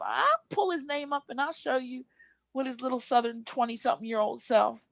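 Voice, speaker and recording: A woman's voice: high-pitched, brisk, creaky, dry recording. A woman co-hosting a casual podcast, telling stories with animation and acting out the people she quotes. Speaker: podcast co-host.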